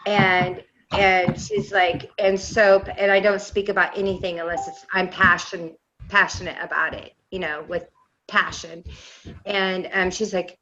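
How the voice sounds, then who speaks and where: A woman's voice: medium pitch, level tone, measured pace, bright, forceful tone, dull audio. A middle-aged woman on a discussion panel, telling a long personal story in a rambling, enthusiastic way. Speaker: panel guest. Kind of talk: round-table discussion.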